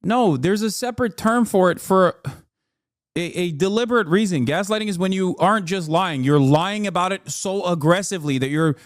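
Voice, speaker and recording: A man's voice: normal speed, dry recording, studio quality. Profane, exasperated man ranting on stream. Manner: exasperated, profane ranting with sudden pitch jumps. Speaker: political streamer. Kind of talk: live-stream reaction commentary.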